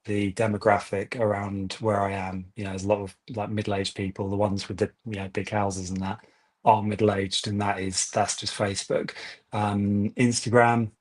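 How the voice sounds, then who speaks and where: Guest estate agent, chatty storyteller; low voice that stays fairly flat. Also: male voice. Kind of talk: webinar interview answers.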